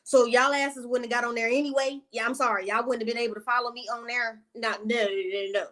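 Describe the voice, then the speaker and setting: A woman's voice: on the high side, fairly even intonation, fast talker, a bit bright. A woman vlogger telling a personal storytime in casual, profane talk that keeps drifting into side tangents aimed at her viewers.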